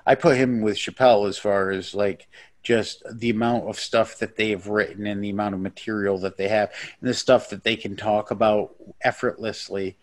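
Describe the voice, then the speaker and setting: A man's voice: fairly low pitch, fairly even intonation, normal speed. A man, a stand-up comedian, chatting as a guest on a podcast in a blunt, rambling, profane way. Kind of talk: casual podcast chat.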